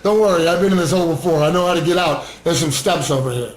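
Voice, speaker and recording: A man voicing a calm recovering addict who reassures another, in an easygoing way. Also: a little high, quick pace, echoey room, close to an everyday voice. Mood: reassuring.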